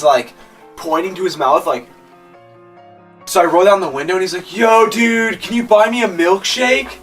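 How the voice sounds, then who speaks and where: A young man co-hosting a podcast, telling an animated story in casual chat and acting out the people in it. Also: a little high, distant mic. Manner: animated storyteller, acts out voices. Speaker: podcast co-host.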